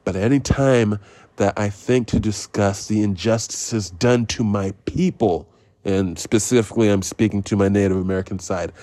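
A man with a fairly low, darkish voice hosts a podcast and rambles through a film review, heavy on sarcasm, profanity, digressions and jokes at his own expense, with made-up phrases for laughs. The recording sounds dry.

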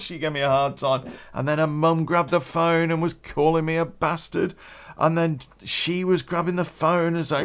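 A man's voice: fairly high pitch, steady tone, moderate pace, clear, resonant tone. Guy telling a story, loose and rambling, lots of swearing and restarts. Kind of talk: casual spoken storytelling.

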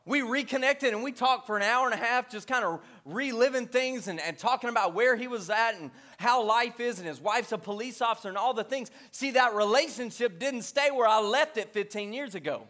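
A man's voice: very high voice, brisk, few pauses, sharp tone. A man in his thirties from Louisiana preaching a sermon in church, conversational and joking, with repeated refrains. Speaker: pastor.

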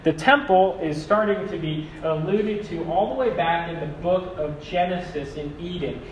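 A young man preaching a sermon as a pastor, animated and acting out quoted voices. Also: on the high side, normal speed, a little hiss or hum. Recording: echoey hall, mic far off.

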